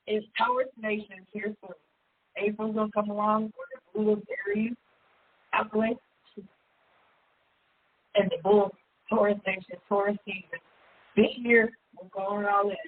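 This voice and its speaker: A woman's voice: animated, unhurried, long pauses. Candid chatty woman on a tinny line. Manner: candid, chatty, laughs often, sudden high-pitched jumps. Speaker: self-help seminar host. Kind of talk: casual personal monologue. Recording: tinny phone-like audio with faint hiss.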